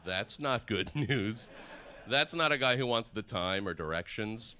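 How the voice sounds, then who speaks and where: Bright-voiced deadpan man doing stand-up. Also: lowish voice, measured pace, a little hiss or hum. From Soviet Union. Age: 30s. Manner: deadpan, rambling with fillers. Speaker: stand-up comedian. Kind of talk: live stand-up comedy. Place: live performance space on stage.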